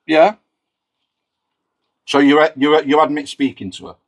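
A man's voice: a little high, measured pace. Aggressive man confronting someone. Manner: aggressive, accusing, sweary. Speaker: lead confronter in a sting. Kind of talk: heated street confrontation.

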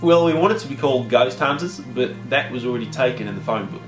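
A man doing a cocky ghost hunter in a put-on Australian accent, blustering and crude. The room rings a little, and music plays clearly underneath. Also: medium pitch, expressive, quick pace, natural voice. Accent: fake Australian. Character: brash young male ghost hunter faking Aussie. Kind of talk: comedy sketch acting. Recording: roomy sound with music underneath.

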